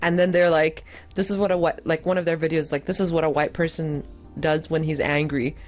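Woman, lower voice, casual podcast chat, playful, laughing. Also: flat delivery, a little fast, a little mellow, faint music behind. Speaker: podcast co-host.

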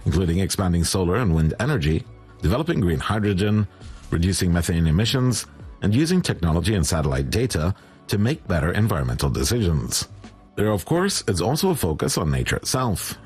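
A man presenting a radio news bulletin, reading a script in a steady, clear way. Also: sits low, brisk, soft background music.

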